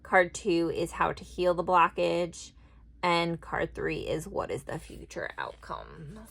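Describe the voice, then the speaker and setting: A woman talks her way through an oracle card spread, rambling and thinking aloud. Her voice has a gravelly, creaky edge. The chat is loose and casual. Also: lowish voice, big pitch swings, takes it slowly, a bit bright. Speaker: tarot and oracle card reader. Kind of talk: casual card-reading vlog.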